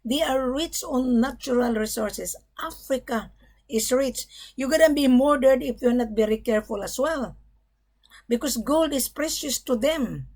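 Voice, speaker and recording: A woman's voice: sits high, unhurried, darkish tone. A middle-aged woman gold broker talking to camera in a blunt, emphatic monologue, often swearing "bloody".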